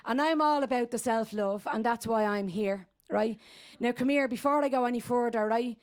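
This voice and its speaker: A woman's voice: a little high, moderate pace, a little mellow, lightly acted. A woman playing a brash, crude elderly woman from inner-city Dublin with a thick Dublin accent, rambling and streetwise in a comic monologue. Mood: bawdy. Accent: Dublin Irish. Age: 80s. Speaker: comedy character guest. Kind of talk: stand-up character monologue.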